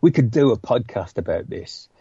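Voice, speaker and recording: A man's voice: fairly low pitch, expressive, normal speed, vocal fry, dark tone, husky, dry recording. West midlands english guy on a podcast, chatty, dull dry lo-fi sound. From West Midlands, England. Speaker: podcast guest. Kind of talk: casual chat.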